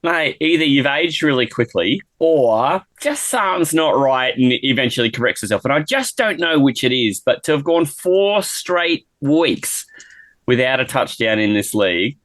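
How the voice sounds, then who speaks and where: A man's voice: mid-range voice, expressive, normal speed, a bit bright, no echo. Australian male co-host, joking profane banter, dry recording. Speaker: podcast co-host. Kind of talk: casual sports chat.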